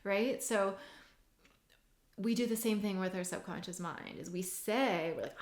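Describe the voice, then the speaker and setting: A woman's voice: mid-range voice, a little slow. Earnest woman coach in echoey room. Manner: conversational, many "like" and "right?" tags, earnest. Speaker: hypnotherapist and mindset coach. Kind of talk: casual teaching monologue. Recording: roomy echo.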